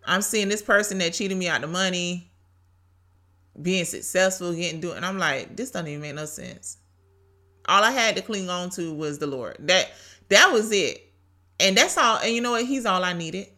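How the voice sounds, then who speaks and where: Woman podcast host, faith talk, casual and heartfelt, lower voice, bright tone. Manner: casual, preachy, emotional. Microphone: home podcast mic.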